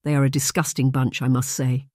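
Narrator doing a harsh, blustering laird, bad-tempered, dry close read. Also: male voice, mid-range voice, flat delivery, a little fast, darkish tone, dry recording, natural voice. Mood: angry. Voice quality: harsh, raging. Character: blustering Scottish laird, middle-aged man, bad-tempered.

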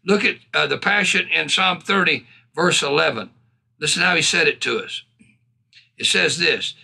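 Man preaching, gravelly, husky, fervent, scripture read slowly, frequent laughs. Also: fairly high pitch, bright, forceful tone. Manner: fervent, exclaims hallelujah and praise God, reads scripture slowly; laughs often while preaching. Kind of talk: sermon.

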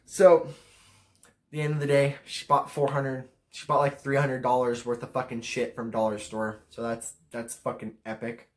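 A teenage boy rants to camera about his pet peeves. He swears constantly and sounds thoroughly exasperated. His pitch sits in an ordinary middle range. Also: flat delivery, moderate pace, a little hiss or hum. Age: teens. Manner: profane, exasperated ranting. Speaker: vlogger ranking pet peeves. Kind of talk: casual rant to camera.

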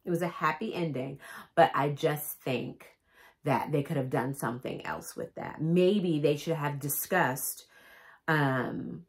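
In an unhurried voice that sits low, a woman vlogger reads aloud from a picture book. She breaks in with lively, chatty jokes and laughs at them herself.

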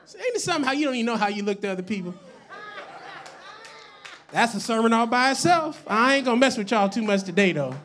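High-voiced man preaching with big swings. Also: animated, fast talker, a faint crowd. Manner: call-and-response preaching, swinging from loud declarations to hushed asides; chatty, joking storyteller with laughing asides. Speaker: pastor. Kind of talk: sermon. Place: church service with live congregation.

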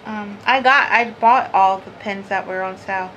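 At normal speed and medium pitch, a slightly bright female voice comes through dull audio with a little background noise. She's hosting a home crafting vlog, talking casually and rambling to the camera with frequent laughs and many "like"s.

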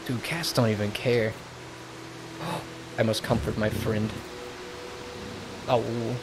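A man streaming a video game live, chatting casually and reacting excitedly with gasps and laughs. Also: fairly low pitch, takes it slowly, background noise. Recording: game music under the voice. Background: game music clearly audible.

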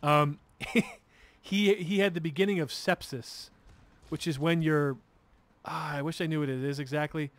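On the high side and steady in tone, a man talks unhurriedly with no echo around him. He's a streamer narrating a long story during a game, wandering off track, swearing freely, and restarting often.

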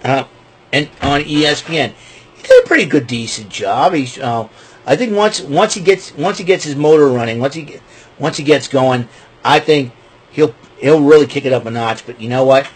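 A man hosting a wrestling recap show, rambling casually with joking asides and a husky voice. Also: mid-range voice, moderate pace.

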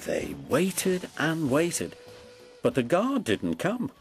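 A man reads a children's railway storybook aloud in an unhurried way. His voice rises and falls widely as he tells the story. Music plays clearly in the background. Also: mid-range voice. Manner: slow, expressive reading. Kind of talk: storybook reading.

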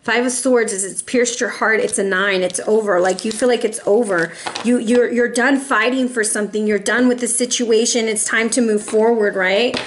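A woman with a fairly high voice gives a casual tarot reading, chatting with her viewers and calling them y'all. Her delivery is loose and animated, and she drops in the odd Spanish word. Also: moderate pace, few pauses, a little hiss or hum. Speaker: tarot reader.

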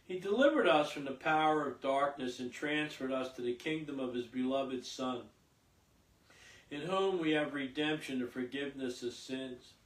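A priest reading scripture at Mass and then preaching a homily in a slow, halting way, with many fillers and repeated words. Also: male voice, mid-range voice. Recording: echoey church, voice from a distance.

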